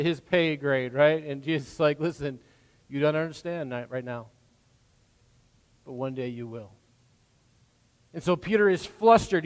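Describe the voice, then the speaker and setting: A man preaching a sermon as pastor, swinging from hushed, gentle passages to loud, emphatic lines. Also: on the high side, clear, resonant tone. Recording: long hall reverb.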